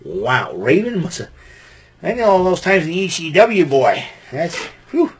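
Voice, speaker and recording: A faint hiss or hum sits under the slightly high voice of a Massachusetts podcast host, who speaks at a measured pace. He recaps a wrestling event in an animated, rambling way, laughing and restarting often.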